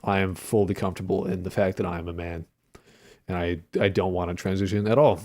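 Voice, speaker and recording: A man's voice: low-pitched, steady tone, a little fast, a little mellow. A young adult man chatting casually with his livestream audience while coding, rambling with lots of fillers, joking and swearing. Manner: playful, jokey banter with chat. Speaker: streamer and indie game developer.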